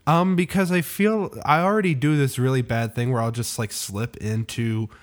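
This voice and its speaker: A man's voice: mid-range voice, fairly even intonation, normal speed. A man co-hosting a podcast in casual, joking chat, easygoing and self-deprecating with hesitant fillers. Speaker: podcast co-host.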